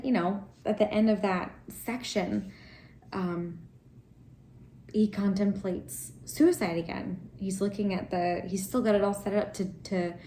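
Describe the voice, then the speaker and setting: A woman's voice: medium pitch, warm tone. A woman talking casually about a book she is reading, rambling with ums and laughter, at home. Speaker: book vlogger. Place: home with cats and laundry running. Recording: echoey home room with faint noise.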